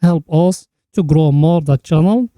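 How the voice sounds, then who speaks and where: With a dark tone and a slightly high voice, a crypto chart analyst host unhurriedly explains a market chart on a dry recording. He's earnest and instructive, keeps saying friend to the listener, and repeats his catchphrases.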